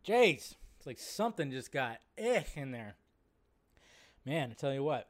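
A man's voice: mid-range voice, big pitch swings, normal speed. A man hosting a live movie-news stream, chatting casually and rambling with plenty of fillers. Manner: rambling, laid-back, lots of fillers. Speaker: live show host.

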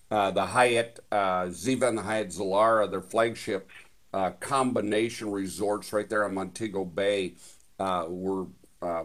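A man hosting a radio show, talking enthusiastically in a chatty way with many fillers and restarts. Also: fairly low pitch. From United States. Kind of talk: casual radio chat.

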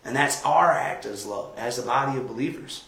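A man pastor giving a conversational Bible study sermon, telling stories with animated quoted voices. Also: medium pitch, normal speed, vocal fry. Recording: echoey room.

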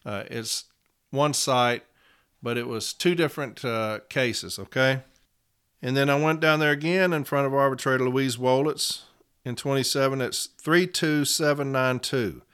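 A man speaking as a union representative in a casual podcast monologue. He tells his account plainly and repeats case numbers slowly. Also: mid-range voice, fairly even intonation, fairly bright tone, clean tone.

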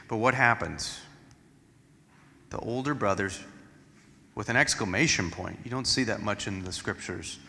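A man's voice: lowish voice, measured pace, creaky, pauses often, pushed and bright, in a large hall. A male pastor preaching an expository sermon in a church sanctuary, explaining each passage and acting out the quotes.

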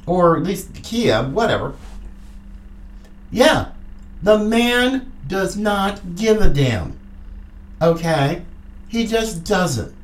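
Female podcast host with a mocking, angry political rant, a very lively swinging pitch and an unhurried delivery. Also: distant mic. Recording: echoey room.

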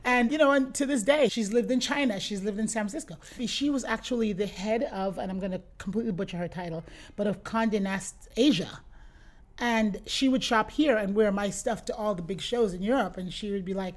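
A middle-aged woman who owns a boutique, chatting as an interview guest and telling lively anecdotes, often acting out what her customers said. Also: mid-range voice, brisk. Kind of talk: casual interview storytelling.

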